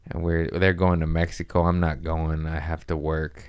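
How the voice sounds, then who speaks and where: A low-pitched man rambles through crude comic stories on his podcast and often laughs at his own jokes. His voice sounds dry and close to the studio mic, and he jumps into high mocking voices when he quotes someone. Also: level tone, normal speed, smooth, dry recording. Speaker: podcast host. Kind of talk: casual comedic storytelling.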